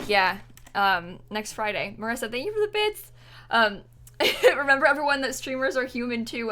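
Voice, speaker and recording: Bright, giggly woman streamer. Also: a little high. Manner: chatty, giggly, self-deprecating. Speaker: game streamer. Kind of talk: casual livestream chat while playing.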